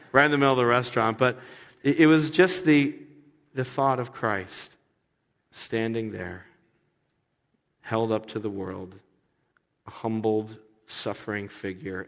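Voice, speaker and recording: A man preaching a sermon as pastor, conversational, with his voice swinging between loud and hushed. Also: lowish voice. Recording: long hall reverb.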